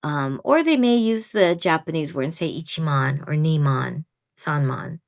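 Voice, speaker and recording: A woman's voice: low-pitched, lively intonation, normal speed, creaky. A woman in her fifties giving casual, chatty advice to newcomers, rambling a little and laughing at herself. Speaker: veteran program participant giving advice. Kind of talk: casual advice talk to camera.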